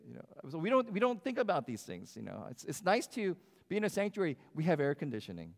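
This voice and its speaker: A man's slightly high, creaky voice swings hugely in pitch as he talks fast. He's a pastor preaching conversationally in a church sanctuary, asking the congregation questions, with long hall reverb on the recording.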